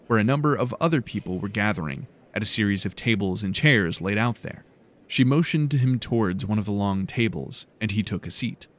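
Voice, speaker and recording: Calm guy narrating an audiobook, lowish voice, steady and measured.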